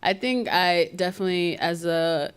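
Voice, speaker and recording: Lively Bronx Dominican woman storyteller. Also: fairly low pitch, moderate pace, clear, resonant tone. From Bronx, New York. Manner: lively storyteller, laughs often. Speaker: podcast co-host. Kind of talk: live podcast chat.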